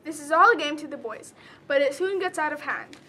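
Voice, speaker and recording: A young woman earnestly narrates and explains a student drama presentation. Her voice is high and bright and sounds clear, with a crisp edge. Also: lively intonation, a little fast.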